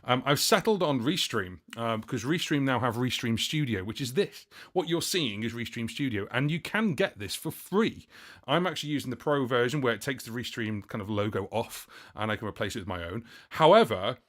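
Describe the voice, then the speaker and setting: A UK livestream host and looping musician answers viewers' questions in a casual music stream, rambling with lots of fillers and self-corrections. His medium-pitched voice is expressive, fairly bright, and a little fast.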